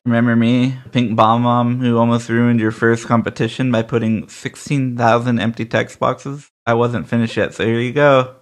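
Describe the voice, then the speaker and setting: A man's voice: mid-range voice, little pitch movement, moderate pace, hardly any pauses. A man giving live commentary while playing a game and answering his chat with sarcastic remarks. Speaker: game streamer.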